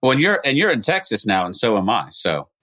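A man hosting a casual podcast conversation. He asks probing questions in a friendly, easygoing manner with a medium-pitched voice. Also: big pitch swings, brisk, pushed and bright. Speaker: podcast host. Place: Texas.

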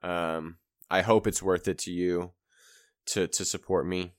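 A man hosting his own podcast, talking casually in a relaxed, rambling way with restarts and soft asides. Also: low voice, unhurried. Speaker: podcast host and rapper.

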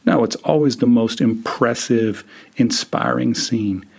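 A man's voice: medium pitch, measured pace, creaky, darkish tone, slightly rough. A man hosting a podcast, telling a vivid second-person story with wry, dry humor. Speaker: podcast host.

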